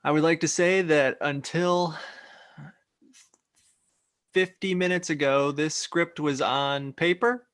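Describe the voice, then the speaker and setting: A man, the writer of the script, chatting casually about it with a gravelly voice. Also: fairly high pitch, steady tone, slow, pauses often, a bit bright, no room sound, studio quality. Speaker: screenwriter. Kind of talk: casual chat.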